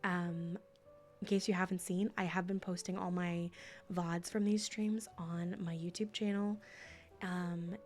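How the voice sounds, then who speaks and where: A woman streamer reading a book aloud in a soft ASMR-style voice, dropping now and then into whispers, then chatting in a halting way with fillers. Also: medium pitch. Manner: soft-spoken, slipping into whispers.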